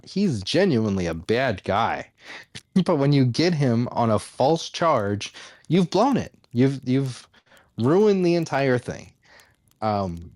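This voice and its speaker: A man ranting on a comedy podcast, mocking and animated, breaking into laughs as he goes. His voice sits at an ordinary pitch. The sound is close and dry, with no room around it. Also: no echo. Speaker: podcast host. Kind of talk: casual comedy podcast rant.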